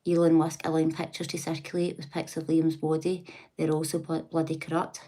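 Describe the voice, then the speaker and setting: A woman's voice: sits low, completely flat delivery, fairly quick, dark tone. A woman hosting a casual livestream, chatting, laughing often and talking back to her viewers. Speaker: livestream host.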